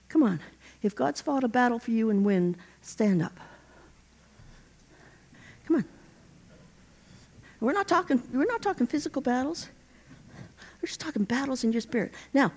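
A middle-aged woman preaching a sermon, animated and exhorting her congregation. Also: fairly high pitch.

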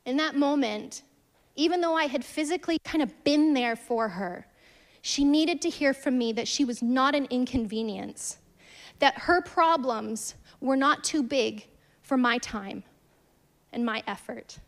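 A woman in her thirties preaching a sermon, earnest and storytelling, swinging from emphatic lines to hushed ones. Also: high-pitched, unhurried.

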